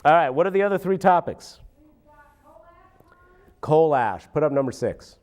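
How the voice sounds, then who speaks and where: A man's voice: on the high side, moderate pace. A man hosting a local commentary show, ranting sarcastically about politics. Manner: animated, sarcastic, mocking voices.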